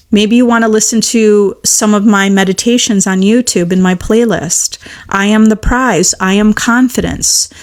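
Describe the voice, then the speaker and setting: A woman manifestation coach on a live stream, reading viewer comments and encouraging listeners with repeated affirmations in a casual, chatty way. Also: medium pitch.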